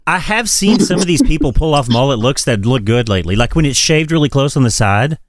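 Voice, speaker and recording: A man co-hosting a podcast in casual chat, quick to react and agree. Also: mid-range voice, animated, no room sound, studio quality. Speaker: podcast co-host.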